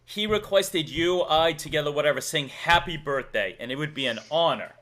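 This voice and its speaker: A man from Massachusetts with a Massachusetts accent, hosting a casual live stream, playful and quick to laugh as he reads out donations. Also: fairly high pitch, a bit bright. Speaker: streamer host.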